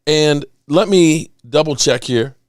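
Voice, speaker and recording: A middle-aged man hosting a casual sports talk show on a desk mic, rambling and chatty, giving shout-outs to viewers. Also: fairly high pitch, slow, no room sound, studio quality. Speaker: podcast host. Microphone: desk microphone.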